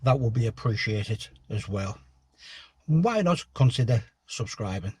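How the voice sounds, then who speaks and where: A middle-aged man, chatting to camera on a mountain path, self-mocking and a little out of breath, often trailing off quietly. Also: mid-range voice, expressive, a little slow, slightly rough, no room sound. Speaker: hiking vlogger. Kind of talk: casual talk to camera. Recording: outdoor wind and ambience noise.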